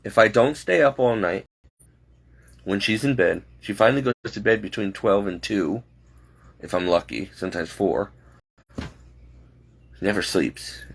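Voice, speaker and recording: A man's voice: lowish voice, unhurried, creaky, long pauses, husky. A man, a home caregiver, rambling and exasperated as he vents in a late-night vlog. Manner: talking to himself, restless and frustrated.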